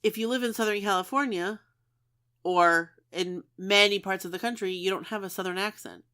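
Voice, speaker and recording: A woman's voice: mid-range voice, normal speed, pushed and bright, smooth. A woman co-hosting a casual podcast, chatting with her friend and reading listener stories aloud. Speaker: podcast co-host.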